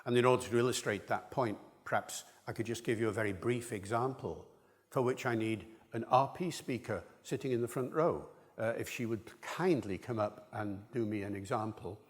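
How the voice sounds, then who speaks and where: An older male linguist lectures to an audience in a hall, his middle-pitched voice carrying a long reverb. He is discursive and enthusiastic, often breaking off for asides. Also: normal speed. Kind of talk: public lecture.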